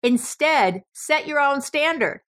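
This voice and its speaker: A woman's voice: high-pitched, expressive, slow, fairly bright tone. A middle-aged woman from New York with a New York accent, hosting a podcast in a blunt, emphatic monologue and swearing freely. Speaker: podcast host.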